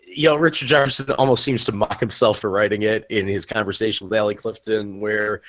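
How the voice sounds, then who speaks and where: A man's voice: lowish voice, fairly even intonation, a little fast, a bit bright. A man hosting a podcast who asks loose, joking questions full of fillers. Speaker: podcast host. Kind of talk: casual interview questions.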